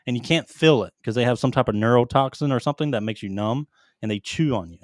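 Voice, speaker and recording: A man's voice: mid-range voice, fast talker, no room sound, studio quality. A man in his thirties, a podcast co-host and former Marine, telling rambling, profane war stories in casual chat.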